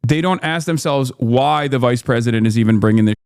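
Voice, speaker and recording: A man streaming casual political commentary, reacting to clips in a blunt, incredulous, animated way. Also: mid-range voice, fairly quick, smooth, no echo, studio quality.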